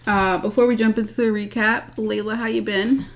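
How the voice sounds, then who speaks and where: A woman's voice: medium pitch, fairly even intonation, moderate pace. Chatty woman podcast host. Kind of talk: casual chat.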